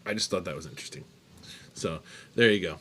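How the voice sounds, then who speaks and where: A man co-hosting a casual beer podcast, reading out trivia questions in a joking, animated way. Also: low voice, fast talker, a little hiss or hum. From United States. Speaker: podcast co-host running trivia.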